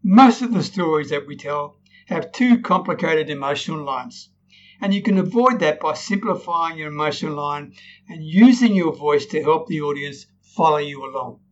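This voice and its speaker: A man's voice: a little high, animated, normal speed, muffled recording, slight background noise. Upbeat man coaching storytelling. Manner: demonstrates tones, frequent "right?" tag questions. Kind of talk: recorded lesson.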